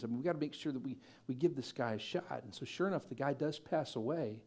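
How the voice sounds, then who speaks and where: A man with a high, bright-toned voice preaches to his church. He tells stories with energy, acting out other people's lines and pushing to loud, excited peaks. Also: fairly quick, hardly any pauses, breathy edge. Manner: animated storyteller, acting out quoted voices and building to loud peaks. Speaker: pastor. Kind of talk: sermon with storytelling.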